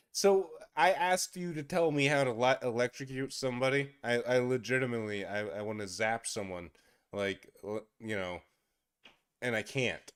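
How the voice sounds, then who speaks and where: A man's voice: medium pitch, normal speed, clear, resonant tone, no room sound, clean studio sound. A young man hosting a casual stream, reading posts aloud and reacting with frequent laughter.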